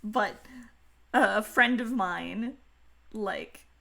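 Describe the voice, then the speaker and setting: A woman's voice: medium pitch, extremely slow, gravelly, bright, forceful tone. A woman hosting a casual chat stream, talking in a playful Valley Girl lilt and giggling often. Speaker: streamer host.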